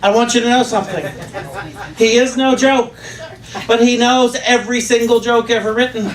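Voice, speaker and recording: A very high-voiced man emceeing a comic's introduction in an upbeat way. The voice sounds far from the mic in an echoey room, with the crowd clearly audible. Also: steady tone, moderate pace. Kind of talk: introducing a comedian. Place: small comedy club venue. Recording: echoey, distant, crowd noise.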